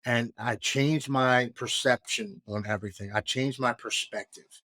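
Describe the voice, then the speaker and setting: A man's voice: medium pitch, steady tone, a little slow, bright, forceful tone, no room sound. Earnest man in his forties, dry sound. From United States. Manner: earnest, heartfelt, reflective storytelling. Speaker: podcast guest. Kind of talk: candid interview conversation.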